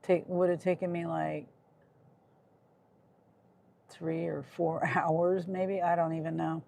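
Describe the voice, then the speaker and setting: A woman's voice: on the low side, level tone, slow pace, creaky, mellow. A woman in Kansas chatting on a casual livestream about her gig driving, reading her chat and talking in a short-tempered, trailing way. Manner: talks to chat, irritated, trailing off. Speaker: livestreaming gig delivery driver.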